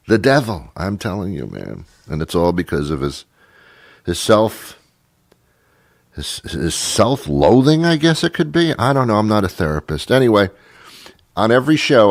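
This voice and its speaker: Deep sarcastic talk show host, a man. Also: dry recording, clean studio sound. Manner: sarcastic, rambling, laughs often. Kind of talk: casual monologue.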